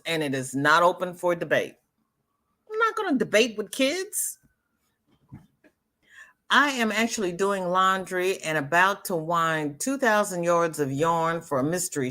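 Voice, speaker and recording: A woman's voice: medium pitch, sharp tone. An older woman hosting a live crochet stream, chatting casually with viewers in a sassy, emphatic way, often repeating herself. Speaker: livestream host.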